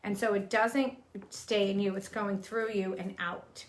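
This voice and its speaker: A woman's voice: medium pitch, fairly even intonation, a little slow. A woman co-hosting a casual chat, explaining energy practices in a talkative, teaching way with frequent ums. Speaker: psychic medium and co-host.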